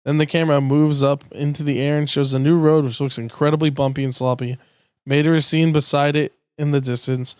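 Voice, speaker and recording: A man's voice: fairly high pitch, little pitch movement, fairly quick, a little mellow, clear, resonant tone, dry recording, studio quality. A man reading a transcript aloud in a plain way, stumbling now and then and sometimes swearing. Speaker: youtuber.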